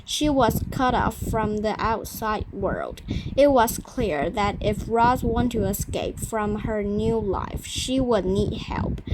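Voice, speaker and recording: Slow, stumbling woman reading aloud. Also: medium pitch. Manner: careful reading with frequent stumbles and self-corrections. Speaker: reader. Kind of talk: reading a children's novel aloud. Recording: noisy recording with clicks.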